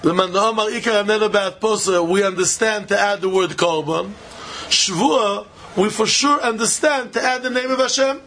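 A man's voice: high voice, fairly even intonation, normal speed, a bit bright, a little hiss or hum. A man giving a Talmud lecture in a rising and falling study chant, pressing questions and laughing between points. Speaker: Talmud teacher. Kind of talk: yeshiva-style Talmud lecture.

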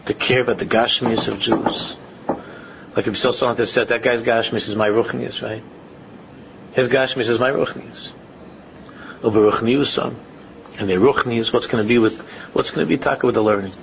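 A man gives an informal religious talk in a medium-pitched, gravelly voice, repeating and restating his phrases and building up to emphatic questions. The recording is muffled and lo-fi, with noise in the background.

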